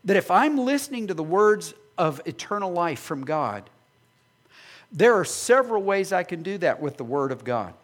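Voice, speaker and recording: A male pastor preaching a sermon, animated and acting out imagined voices of his listeners. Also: high-pitched, moderate pace.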